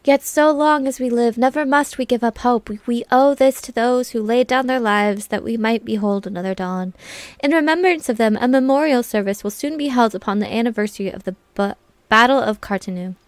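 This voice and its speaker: Woman reading a gracious elder leader, formal measured delivery, slightly high voice, dry sound. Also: no room sound, close to an everyday voice. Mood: solemn. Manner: formal, stately reading with stumbles.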